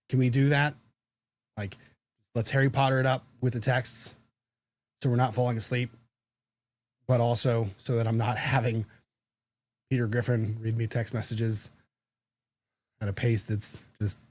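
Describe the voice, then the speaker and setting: A man's voice: medium pitch, fairly even intonation, normal speed, long pauses, darkish tone, dry recording. A man who is a lawyer, hosting a casual livestream, chatting and reading viewer comments in a joking, self-deprecating way.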